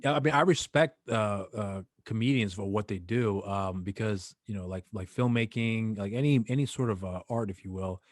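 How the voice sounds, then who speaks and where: A man hosting a podcast in casual chat, talking haltingly with many fillers and restarts. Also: fairly low pitch, no room sound, clean studio sound. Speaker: podcast host.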